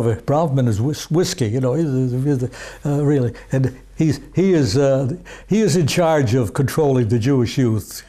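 An older man, an archivist of Yiddish culture, talking in a rambling, halting way with many fillers in a casual interview. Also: fairly high pitch, mellow. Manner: sings Yiddish folk songs unaccompanied.

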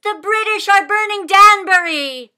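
Brave teen girl on horseback done by a lady storyteller, yelling urgent calls, high bright voice, slow and stretched. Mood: urgent shouting. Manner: urgent rallying shouts. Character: brave teenage girl rider rousing farmers.

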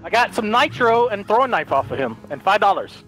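Very high-voiced excitable young gamer man. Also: fairly quick, soft background music. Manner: excitable, shouts and laughs often. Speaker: gamer playing co-op. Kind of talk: excited gameplay banter.

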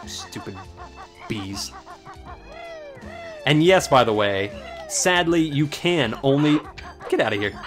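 Faint music plays behind this man's medium-pitched, animated voice as he comments on a game at a measured pace, pausing often. His let's play is joking and irreverent, with frequent swearing.

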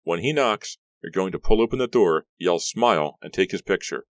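A man with a deep voice, reading an audiobook, voicing an exasperated, worried teenage girl. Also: lively intonation, moderate pace, no echo. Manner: pleading, exasperated.

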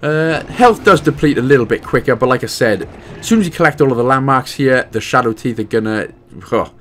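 A man's voice: medium pitch, animated, fairly quick, fairly bright tone, a little hiss or hum. Chatty Welsh man narrating a game. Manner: chatty, jokey, rambling asides. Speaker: gaming guide host. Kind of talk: casual game walkthrough commentary.

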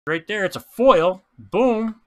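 Excitable man opening baseball card packs. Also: high-pitched, takes it slowly. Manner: chatty and excitable, stumbles over names, laughs often. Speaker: card pack breaker. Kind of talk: casual card-opening commentary.

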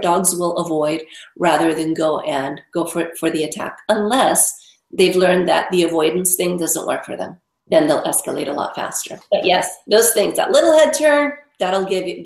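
A woman's voice: fairly low pitch, gravelly, a little mellow. A woman dog trainer, a guest in an interview, explaining emphatically and repeating words for stress. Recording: echoey room.

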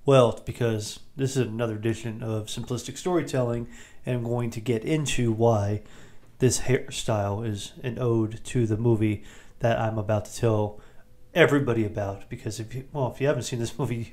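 A man hosting a podcast, giving a rambling, jokey recap of a movie with quick asides. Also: medium pitch, fairly even intonation, a little mellow. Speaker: podcast host.

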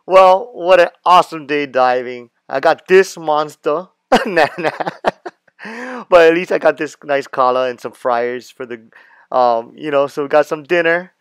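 A man, casually narrating his fishing and diving video in an excitable, laid-back way, laughing often and using island slang. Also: fairly high pitch, clean tone, no room sound. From Hawaii. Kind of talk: casual narration over footage.

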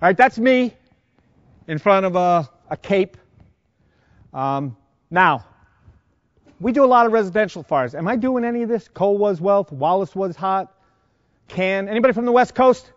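A middle-aged man with a New York accent, lecturing a class of firefighters and quizzing them with quick questions. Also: high voice, animated, no echo. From Long Island, New York. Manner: quizzing the audience with rapid questions. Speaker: fire service instructor. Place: conference lecture room. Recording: dry, dull lo-fi sound.

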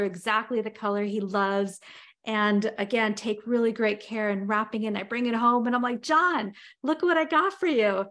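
A woman speaking as a motivational speaker, with a voice pitched a little above typical. She talks conversationally, lacing her sentences with "you know" while she paints everyday scenes for her listeners. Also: fairly bright tone. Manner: conversational, many "you know" fillers, builds vivid scenarios. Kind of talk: motivational talk with storytelling.

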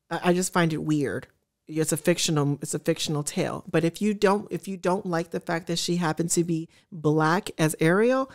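A woman vlogger talks casually to her viewers in a slightly low voice. Her delivery is earnest and chatty, and she is openly emotional and gushing as she speaks to them directly. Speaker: trailer reaction vlogger. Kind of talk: casual reaction commentary to camera.

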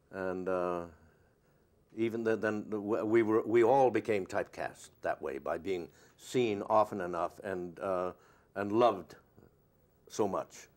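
A man's voice: lowish voice, darkish tone. Older male actor, interview guest, meandering storyteller with many fillers. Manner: rambling and anecdotal, many fillers. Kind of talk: casual interview chat.

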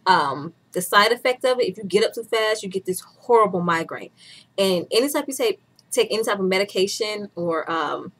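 A woman's voice: medium pitch, a bit bright. A woman in her twenties chatting candidly as a vlogger, laughing often as she talks. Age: 20s. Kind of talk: casual chat.

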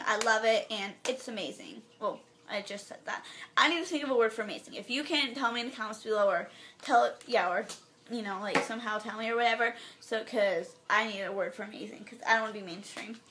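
A bright-voiced teenage girl, a little high in pitch, talks through her monthly favorites in a bubbly, gushing way. She rambles and restarts, then drops into soft, near-whispered asides. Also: brisk, slight background noise. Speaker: beauty vlogger. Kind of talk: casual favorites vlog.

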